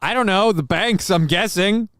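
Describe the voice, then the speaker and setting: A man's voice: high voice, normal speed, fairly bright tone, smooth. A man hosting a casual live stream, reading chat messages and news aloud and cracking crude jokes. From northern United States. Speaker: show host.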